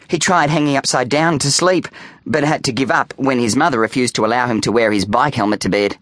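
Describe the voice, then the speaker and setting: A man reading a children's audiobook aloud with playful, animated storytelling on a close studio mic. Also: mid-range voice, brisk, no room sound. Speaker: audiobook narrator.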